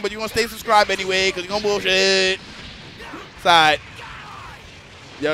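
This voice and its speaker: High bright guy streaming a fighting game, crude jokes, keeps talking to chat, faint music under him. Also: fairly even intonation, brisk, long pauses. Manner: crude, joking, talks straight to the chat. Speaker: streamer and tournament commentator. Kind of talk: casual live-stream commentary.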